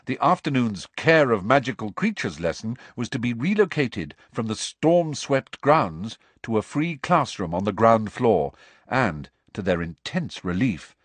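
Male audiobook narrator, low husky voice, lively inflection, dry close sound. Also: no echo. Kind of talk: scripted narration.

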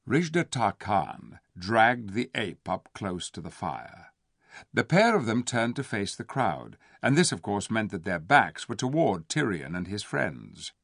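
A man reading a children's story aloud as narrator, in an expressive storybook delivery. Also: fairly low pitch, a little slow, creaky, husky, dry recording, studio quality. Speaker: audiobook narrator. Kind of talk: scripted narration.

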